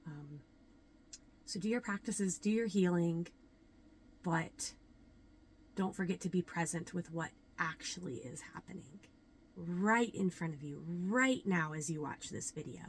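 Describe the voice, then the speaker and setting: A woman's voice: lowish voice, slight background noise. Reflective woman yoga teacher, um-filled. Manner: earnest, reflective, many ums and pauses. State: a little nervous. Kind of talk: casual talk to camera.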